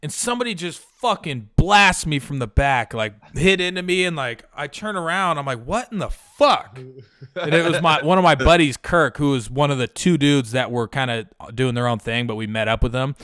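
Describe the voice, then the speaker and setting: Young dude rambling thru a crude story on a podcast, says like a lot, clean smooth voice, dry sound. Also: male voice, a little high, a little fast, fairly bright tone, no echo. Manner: rambling, profane, lots of "like" fillers. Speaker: podcast host. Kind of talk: casual storytelling.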